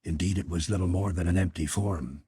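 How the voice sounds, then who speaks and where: A man reading a classic mystery in first person at a measured, even pace. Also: low-pitched, slight background noise. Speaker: audiobook narrator. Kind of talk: first-person audiobook narration.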